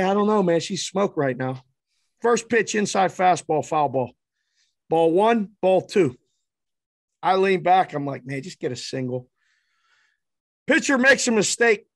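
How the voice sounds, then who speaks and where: Man, middle-aged, high-pitched, dry close mic, podcast host, animated storytelling, swears freely. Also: gravelly, no echo. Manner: animated, profane, self-deprecating. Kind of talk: casual storytelling.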